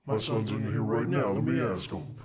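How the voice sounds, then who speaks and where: A man talking through a deepening voice effect and playing a gruff, mock-threatening scary man. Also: normal speed, a crowd in the background. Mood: taunting. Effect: voice effect making it deep and menacing.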